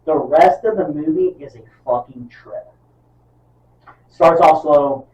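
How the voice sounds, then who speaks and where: Speaking slowly in a somewhat high voice, this man co-hosts a podcast and keeps the chat loose, profane and lively. He performs movie scenes while recounting them. He's far off-mic, so the audio comes across roomy and dull.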